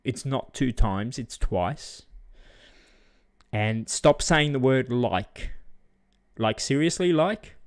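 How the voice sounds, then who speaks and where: A man's voice: expressive, takes it slowly, pauses often, clear, resonant tone. A middle-aged Australian man talking on his vlog, ranting bluntly and casually about how people react to words. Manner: blunt, ranting, mocks others in high put-on voices. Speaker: vlogger. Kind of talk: casual opinion rant.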